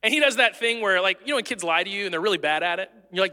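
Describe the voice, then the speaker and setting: Bright-voiced pastor in a reverberant hall. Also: male voice, sits high, very fast, few pauses. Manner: conversational and self-deprecating, with animated storytelling. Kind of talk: sermon. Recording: long reverb of a large hall.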